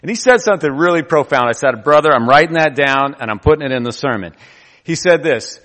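A man preaching a sermon as pastor, telling stories in an animated way and acting out quoted voices. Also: mid-range voice, brisk, big-room sound.

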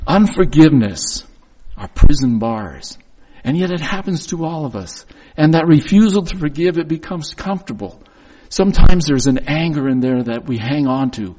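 A man's voice: medium pitch, lively intonation, normal speed, warm tone, low-quality recording. A man preaching a reflective, confessional sermon, reading scripture and acting out the voices in it.

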